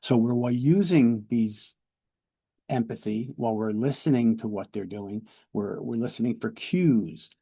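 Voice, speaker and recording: A man's voice: medium pitch, measured pace, gravelly, dark tone, slightly rough. A man, a police lieutenant, gives a de-escalation training lecture, explaining step by step, repeating words and checking in with "right?".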